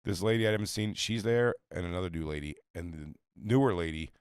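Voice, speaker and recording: A man in his forties telling a story on a comedy podcast, casual and animated, slipping into other people's voices. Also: sits low, clean tone, no room sound, studio quality. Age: 40s. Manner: fast, animated, acts out other voices in quotes.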